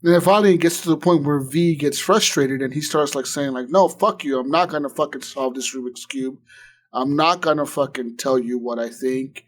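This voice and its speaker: A man's voice: medium pitch, steady tone, normal speed. A man co-hosting a podcast in casual chat, rambling through a retelling full of "like" and swearing, acting out what others said. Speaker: podcast co-host.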